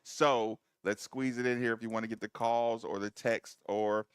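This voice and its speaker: A man's voice: lowish voice, steady tone, clear, resonant tone, no room sound. A man co-hosting sports radio, playful and affectionate, joking and reading live ads into a studio microphone. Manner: playful and affectionate, quick to joke and laugh. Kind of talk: casual sports radio talk and live ad read.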